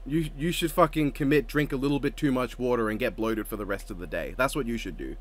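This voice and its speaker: A man in casual chat, animated and laughing often, swearing freely, recorded with lo-fi home mic audio. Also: mid-range voice, fast. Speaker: co-host.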